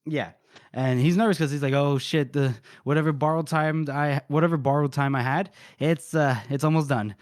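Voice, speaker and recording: High-voiced man recapping a book. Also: fairly even intonation, normal speed, clean tone, no echo, clean studio sound. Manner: swears freely, acts out characters while recapping. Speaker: podcast co-host. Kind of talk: casual book discussion.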